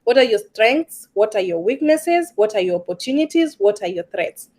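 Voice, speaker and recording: Woman stress coach with an East African accent, fairly high voice, earnest, repeats words for emphasis. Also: sing-song, normal speed, darkish tone. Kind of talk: casual discussion.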